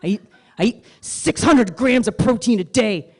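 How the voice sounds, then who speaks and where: A woman voicing a big, muscly man who brags in a loud, pushy way about working out and protein. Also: on the high side, lively intonation, moderate pace, breathy edge, pitched above the performer's own voice. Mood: boastful. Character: big sweaty muscly gym-obsessed man, boastful.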